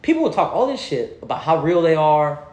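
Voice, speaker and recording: Animated man telling stories in a roomy echo. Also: a little fast. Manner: animated, profane slang, laughs through funny parts; drops low and quiet when quoting others. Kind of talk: casual storytelling chat.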